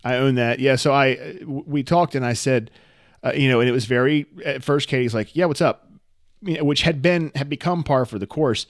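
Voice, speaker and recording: A man's voice: mid-range voice, fairly quick, no echo. Rambling self-deprecating man, dry mic. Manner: rambling, self-deprecating, animated when telling stories. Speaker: podcast co-host. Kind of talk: casual storytelling chat.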